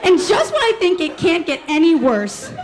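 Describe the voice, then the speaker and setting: A woman telling a funny personal story on stage, animated and laughing as she talks. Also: very high-pitched, normal speed. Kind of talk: live comedic storytelling. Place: stage before a live audience. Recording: live room with crowd laughter and noise.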